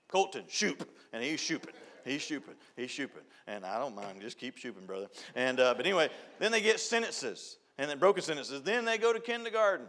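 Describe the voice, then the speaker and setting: A man's voice: medium pitch, fairly bright tone. An older man giving an informal church talk, folksy and storytelling, often repeating a refrain. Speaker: youth director.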